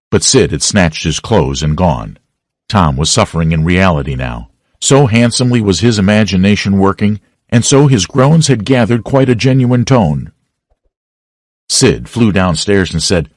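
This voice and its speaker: A man narrates a classic story with a low, husky voice that moves a lot in pitch. The sound is dry and close, with no room echo. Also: moderate pace. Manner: expressive storytelling. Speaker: audiobook narrator. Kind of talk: scripted narration.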